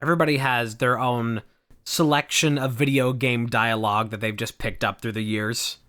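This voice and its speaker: An excitable male podcast co-host in casual chat, tumbling through thoughts with fillers and bursts of energy. His pitch is middle of the road and plainly conversational. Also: normal speed. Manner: excitable, quotes game lines.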